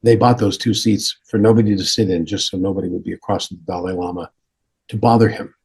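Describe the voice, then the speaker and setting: A man's voice: low voice, steady tone, quick pace, a little mellow, husky. A man from Canada, a podcast guest, telling an anecdote with hesitant restarts and acted-out dialogue. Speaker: guest storyteller.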